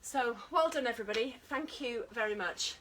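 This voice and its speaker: British woman fitness instructor, high voice, breathless, coaching live; mic set back, faint hiss. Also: brisk, a bit bright, far from the mic, poor audio. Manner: encouraging, counting down and coaching while exercising. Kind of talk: online exercise class.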